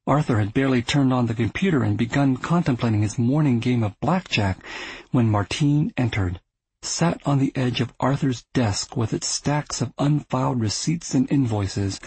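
A man reading a literary novel aloud in a measured, steady narration. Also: medium pitch, breathy edge, no room sound, poor audio. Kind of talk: scripted audiobook narration.

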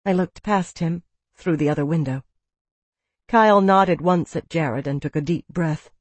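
Audiobook narrator, woman, low pitch, dry close studio sound, measured reading. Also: dry recording. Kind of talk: scripted narration.

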